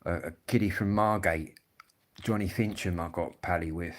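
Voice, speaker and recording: A man's voice: deep voice, fairly even intonation, moderate pace. A man, rambling and swearing freely as he chats casually to viewers on a live stream. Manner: rambling, swearing, blokey storytelling.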